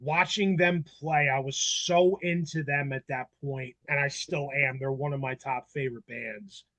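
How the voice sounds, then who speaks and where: A man in his forties on a panel, telling stories in a casual, animated way, acting out voices and swearing freely. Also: medium pitch, unhurried, no room sound. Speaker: panel member. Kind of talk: casual storytelling chat.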